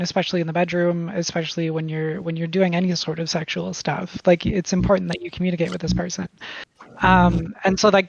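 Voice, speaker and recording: Frank, gravelly-voiced woman guest. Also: on the low side, no room sound. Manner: frank and easygoing, frequent "um" and restarts. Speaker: podcast guest. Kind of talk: casual chat. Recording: dull, lo-fi podcast audio.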